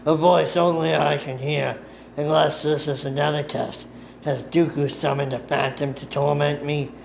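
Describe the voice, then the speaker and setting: A man narrating a first-person story in a deliberate amateur reading, sometimes correcting himself. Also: fairly high pitch, flat delivery, gravelly, a little hiss or hum. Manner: slow, deliberate reading with occasional self-corrections.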